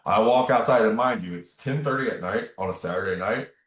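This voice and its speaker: Deep-voiced man telling a story. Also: fairly quick. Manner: earnest, casual, often says "man" and "right?". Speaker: interview guest. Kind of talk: personal storytelling in conversation. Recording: echoey room.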